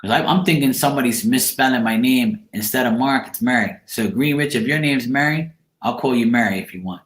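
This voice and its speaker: A man's voice: mid-range voice, fairly quick. Male tarot streamer, casual and rambling, mid-range voice, roomy echo. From Bermuda. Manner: rambling, chatty, answers chat comments by name. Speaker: tarot reader on a live stream. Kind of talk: casual chat with live viewers. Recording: echoey room.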